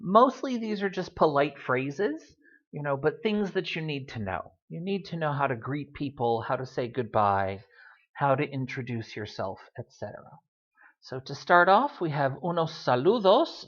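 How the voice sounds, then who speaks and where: A woman teaching a beginner Spanish lesson in a relaxed, chatty way, with frequent "um"s. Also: low-pitched, unhurried. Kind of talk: recorded language lesson. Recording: dull lo-fi recording.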